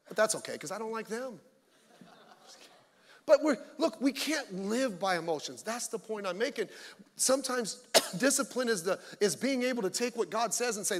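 High-voiced man preaching in a reverberant hall. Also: expressive, a little fast, fairly bright tone. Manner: blunt, joking, mocking asides. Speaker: pastor. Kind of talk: sermon. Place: church sanctuary. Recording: long church hall reverb.

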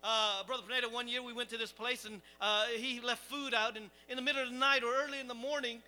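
A man preaching, telling a lively, self-mocking camping story to his congregation. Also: very high-pitched, fast talker, clear, resonant tone, faint music behind. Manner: animated, self-deprecating storyteller. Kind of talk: storytelling sermon.

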